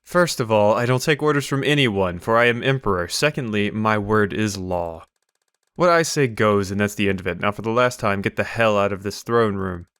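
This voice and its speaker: A man's voice: on the low side, normal speed, fairly bright tone, smooth, no echo, voice pushed down, close to an everyday voice. A man voicing an arrogant tyrant emperor in a game read-along, haughty and commanding. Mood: imperious.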